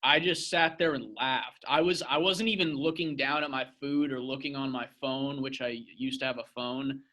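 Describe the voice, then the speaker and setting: A man's voice: medium pitch, fairly even intonation, normal speed, pushed and bright. A young man, a podcast co-host, telling a rambling, profane story in casual chat.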